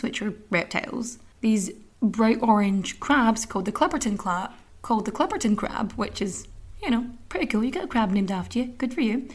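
A woman's voice: fairly high pitch, darkish tone. Sweary woman telling history. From Ireland. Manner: chatty, sweary and wry, with asides. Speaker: podcast host. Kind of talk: casual storytelling podcast.

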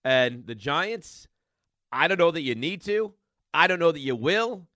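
A man's voice: fairly high pitch, expressive, measured pace, sharp tone, no echo, clean studio sound. A man hosting a sports radio show, ranting in a rambling, exasperated monologue full of restarts.

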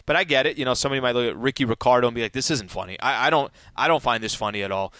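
A man co-hosting a sports radio show, chatting casually and musing aloud, his pitch climbing when he pushes a point. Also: rapid-fire, pushed and bright, smooth, dry recording.

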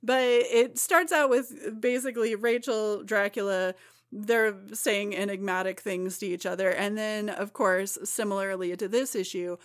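A woman co-hosting a podcast, giving a lively, laughing recap of a comic storyline in casual chat. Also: mid-range voice, unhurried. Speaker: podcast co-host.

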